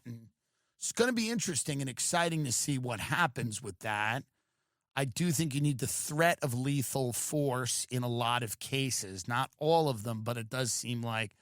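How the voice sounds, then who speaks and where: A man's voice: mid-range voice, fairly bright tone, dry recording, clean studio sound. A man hosting a comedy podcast, riffing sarcastically and acting out mocking voices.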